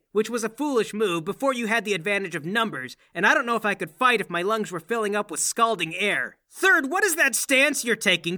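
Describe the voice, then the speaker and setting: A man playing a tabletop game, ranting in a deadpan, mock-serious way. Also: high voice. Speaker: player. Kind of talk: tabletop game role-play.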